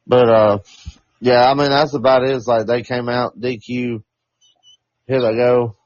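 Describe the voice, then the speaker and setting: A man co-hosting a podcast, talking casually in halting, hedging phrases full of fillers. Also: medium pitch, little pitch movement, no echo. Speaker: podcast co-host. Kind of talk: casual chat. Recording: dull lo-fi dry recording.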